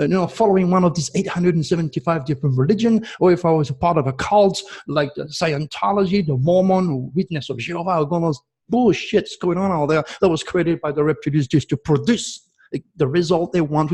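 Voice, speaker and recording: Host, male, fiery ranting monologue, raised pitch, gravelly and husky tone. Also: darkish tone. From France. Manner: passionate, ranting, emotional. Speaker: astrology show host. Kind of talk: impassioned video monologue.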